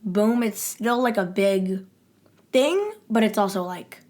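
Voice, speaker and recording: A woman co-hosting a podcast, chatting casually in a relaxed way that trails off into quiet asides. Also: mid-range voice, slow. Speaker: podcast co-host. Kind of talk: casual chat.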